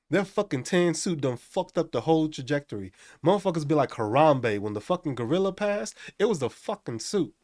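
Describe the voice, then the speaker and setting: A male live stream host rants with constant profanity, and his pitch swings widely as he gets worked up. His voice sits a bit high, and it sounds dry and close to the mic. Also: moderate pace, dry recording. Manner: profane, animated ranting. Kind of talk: casual live stream rant.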